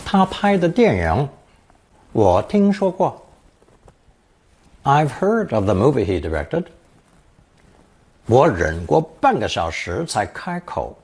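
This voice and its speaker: A man teaching a recorded language lesson, explaining example phrases slowly and carefully. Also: medium pitch, very animated, a little mellow, husky. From lives in Taiwan.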